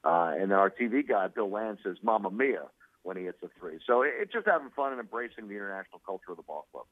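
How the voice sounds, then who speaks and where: A male sports broadcaster, a guest on a radio show, chatting quickly over the phone with many fillers and laughs. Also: lowish voice, very animated, dry recording. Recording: tinny phone line.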